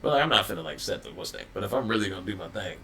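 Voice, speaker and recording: A laid-back man guests on a casual studio podcast, talking quickly and swearing freely. His mid-pitched voice has a gravelly, fry-laced texture. There is a faint hum of noise behind him. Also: expressive, bright, forceful tone. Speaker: guest musician.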